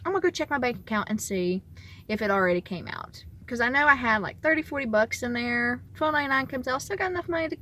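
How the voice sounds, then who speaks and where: A young woman vlogger telling a story in a casual, animated way, often laughing as she talks. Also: fairly high pitch, fast, a little hiss or hum.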